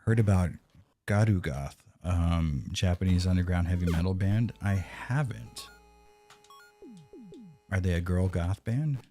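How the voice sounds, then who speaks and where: A man's voice: low-pitched, measured pace, pauses often, warm tone, soft background music. A man streaming a retro video game live, chatting casually with profane, sarcastic banter. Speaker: streamer playing a retro game and reading chat.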